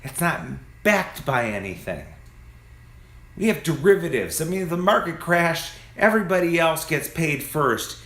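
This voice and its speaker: Man, angry preachy rant on a phone with lots of swearing, lively pitch, echoey room sound. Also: moderate pace. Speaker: vlogger. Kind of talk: ranting monologue. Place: among parked cars. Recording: roomy phone recording.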